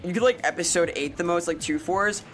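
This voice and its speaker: A woman's voice: on the low side, brisk. A woman streamer chatting casually with viewers, ranting and swearing with exasperation over faint background music. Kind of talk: casual live-stream chat answering viewers.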